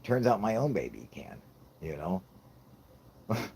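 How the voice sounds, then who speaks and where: A man's voice: on the low side, big pitch swings, unhurried, vocal fry, pauses often, a little mellow, slight background noise. A man ranting about his toddler in a casual chat, swearing constantly and laughing at his own jokes. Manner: profane, laughing, rambling comic rant. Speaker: podcast host.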